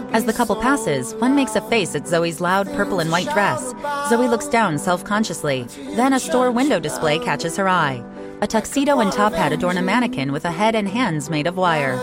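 Calm woman narrating scene descriptions. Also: medium pitch. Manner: even, measured, descriptive. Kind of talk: scripted audio description. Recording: music playing behind.

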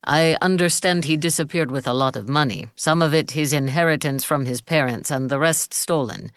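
A man's voice: a little high, moderate pace, a bit bright, smooth, dry recording, studio quality, pitched below the performer's own voice, natural voice. A woman voicing a confident young male lifeguard in an audiobook. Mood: guarded. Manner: assured, a little guarded.

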